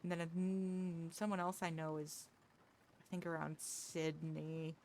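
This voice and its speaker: A woman's voice: sits low, monotone, a little slow, a little mellow, slight background noise. A woman chatting casually with viewers during a game livestream, rambling, restarting her sentences and laughing easily. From United States. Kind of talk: casual chat with viewers while gaming.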